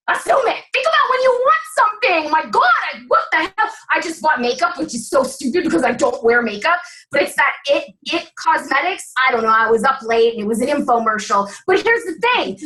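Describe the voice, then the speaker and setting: A woman's voice: sits high, sharp tone, rough recording. A woman giving fired-up, blunt sales coaching as a guest on a video call.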